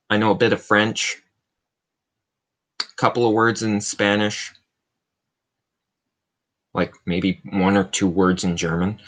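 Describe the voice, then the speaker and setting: A man hosts a casual Q&A livestream, rambling through stream chat and cracking self-mocking jokes. His voice is on the low side with a slightly bright edge.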